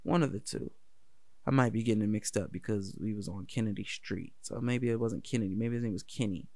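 Gravelly dc guy telling an old story, laid back, swears a lot, laughs, dry sound. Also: lowish voice, a little fast, darkish tone, no echo. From Washington, D.C. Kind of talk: casual personal storytelling.

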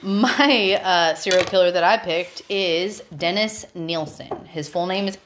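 A woman's voice: on the low side, measured pace, noisy background. A woman hosting a podcast, a little tipsy from wine, chatting casually in a loose, giggly, swearing way. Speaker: podcast host. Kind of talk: casual chat.

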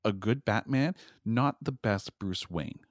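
Man, very deep voice, lively delivery, casual podcast co-host, dry close mic. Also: no room sound. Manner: animated, quick restarts. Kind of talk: casual chat.

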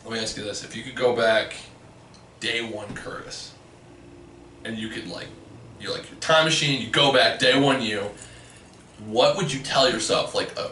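A man's voice: medium pitch, moderate pace, long pauses, bright, forceful tone. 20s guy hosting, says like a lot, roomy echo, bit of hiss. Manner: reflective, heavy use of "like". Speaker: podcast host. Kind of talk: casual interview chat. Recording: echoey room, mic at a distance, faint noise.

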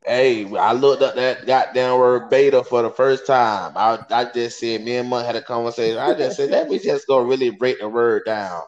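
A man's voice: medium pitch, steady tone, normal speed, few pauses. Laid-back man with a dull lo-fi sound. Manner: rambling, laid-back, cursing. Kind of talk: casual chat.

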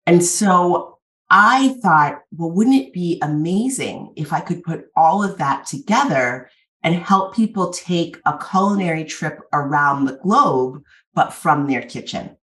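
A woman guest on a podcast, a dietitian, answering in a thoughtful, measured way over a video call. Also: deep voice, expressive, fairly bright tone. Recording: roomy video call audio, distant mic.

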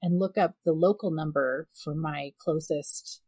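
A woman in her thirties co-hosting a casual podcast chat, telling a story with animated delivery and acting out the voices of the people in it. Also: sits low, measured pace, breathy edge, no echo. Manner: animated storyteller, acts out quoted voices, laughs often. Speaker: podcast co-host.

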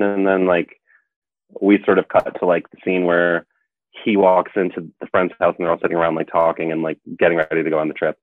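A man's voice: low voice, flat delivery, normal speed, no room sound. A man co-hosting a casual film discussion podcast, rambling with lots of filler "like"s as he recaps scenes. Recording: tinny phone-like line, dry.

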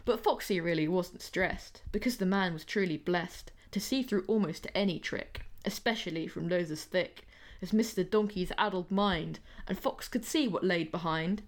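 A woman's voice: on the low side, moderate pace. A young woman, a podcast host, reading her own rhyming poem aloud with playful, sing-song storytelling. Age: young adult.

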